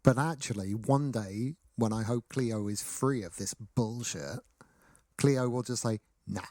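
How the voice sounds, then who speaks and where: A woman's voice: very deep voice, mellow, no room sound, clean studio sound. Wry, chatty woman podcast co-host. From Britain. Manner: wry, chatty, quick to interject. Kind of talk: casual podcast discussion.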